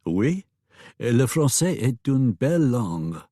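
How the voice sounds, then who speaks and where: A man voicing a refined young wife on the frontier, soft and polite, in an audiobook. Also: mid-range voice, very animated, takes it slowly, dry recording, studio quality, voice pushed up. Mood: gracious.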